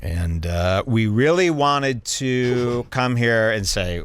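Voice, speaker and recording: A man's voice: medium pitch, animated, slow pace, clean tone. A man hosting a podcast, rambling through opinionated, emphatic casual chat. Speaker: podcast host. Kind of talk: casual chat, movie review.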